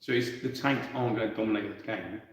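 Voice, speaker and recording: A man's voice: lowish voice, fast. A man in easygoing casual chat, explaining wargame army choices. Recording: roomy echo, mic at a distance.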